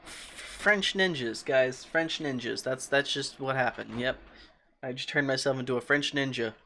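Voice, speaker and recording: Young man, casual game streamer, mid-pitched, loose and joking, with soft keyboard noise behind. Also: measured pace. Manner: rambling, jokey, often quiet. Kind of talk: casual gaming stream commentary.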